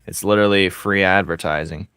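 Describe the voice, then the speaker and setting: A man's voice: sits low, fairly even intonation, brisk, fairly bright tone, clean tone, dry recording, clean studio sound. A young man chatting casually with his live chat while he draws, teasing and laughing often. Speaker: streamer drawing live and reading chat.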